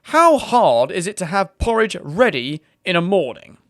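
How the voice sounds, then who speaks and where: An outraged British woman complaining about poor service, as a man puts her on, her voice lifted high and pushed with over-emphatic stress. The sound is close and dry. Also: sing-song, unhurried, a bit bright, no room sound, exaggerated voice. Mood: indignant. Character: indignant complaining female shopper.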